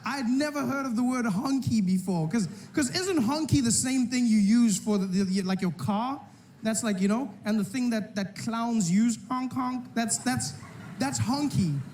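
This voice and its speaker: A man's voice: very high-pitched, normal speed, a little mellow, a little hiss or hum. A man performing a stand-up comedy routine on stage, riffing playfully with the crowd.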